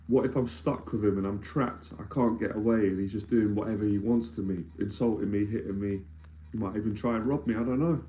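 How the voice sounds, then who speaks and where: A man's voice: on the low side, fairly even intonation, fast, mellow. A man, an anxiety mentor speaking earnestly and emphatically in a live-streamed talk, often repeating phrases as he builds a point. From London, England.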